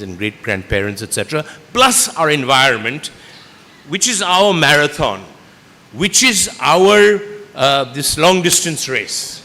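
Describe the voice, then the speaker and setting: A man's voice: mid-range voice, sharp tone. A man giving a motivational speech to students at a school event, often quizzing the audience with questions. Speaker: chief guest speaker. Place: school auditorium. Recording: echoey hall, faint ambience.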